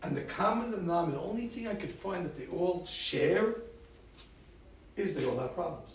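A man's voice: high-pitched, expressive, normal speed, creaky, very echoey, far from the mic, slight background noise, poor audio. A man, a rabbi, telling stories in a talk to a group of girls and acting out the people he quotes.

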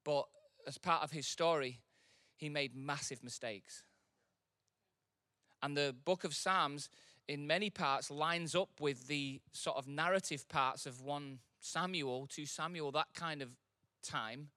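A man preaching a sermon. He talks casually, then swells into loud, impassioned preaching. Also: a little high, takes it slowly, no room sound, clean studio sound. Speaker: pastor.

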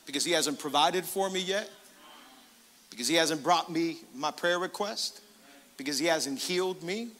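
A man preaching a sermon as pastor, energetic, calling out to the congregation and acting out prayers in his own voice. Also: a little high, moderate pace, long reverb tail. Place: church sanctuary.

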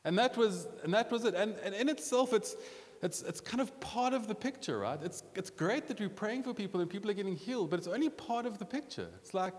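A man preaching a sermon as a pastor, talking in a conversational, animated way with quick restarts. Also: high-pitched. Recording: long hall reverb.

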